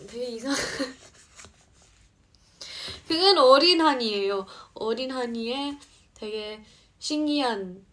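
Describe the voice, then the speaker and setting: Brief: young woman live-streamer, native English speaker, fast chatty patter, a little high, reads comments aloud on a phone. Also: lively intonation, fairly bright tone. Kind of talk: casual live-stream chat.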